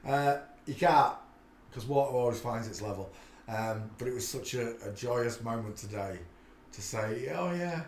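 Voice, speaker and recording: A man's voice: medium pitch, a little slow, darkish tone, echoey room. A man hosting a casual live stream, chatting in a rambling way with many filler sounds. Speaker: livestream host.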